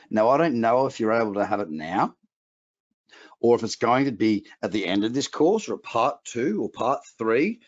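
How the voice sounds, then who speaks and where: A middle-aged man with an Australian accent carrying a trace of English, giving an emphatic, motivational webinar talk as a trading coach with chatty asides. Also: medium pitch. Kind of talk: webinar presentation. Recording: muffled lo-fi webinar audio.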